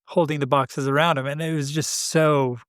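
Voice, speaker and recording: Man, podcast co-host, reflective spiritual talk, slightly high voice, dry close sound. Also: flat delivery, fairly bright tone, clean tone, no room sound. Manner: thoughtful, unhurried, frequent "uh" pauses.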